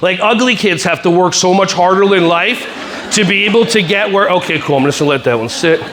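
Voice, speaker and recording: A man's voice: high voice, background noise. A man giving a comedic, motivational talk to school staff, teasing the audience and acting out kids and teachers. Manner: playful, teasing, acts out kids and teachers in quick voices. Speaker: speaker at a staff wellness workshop.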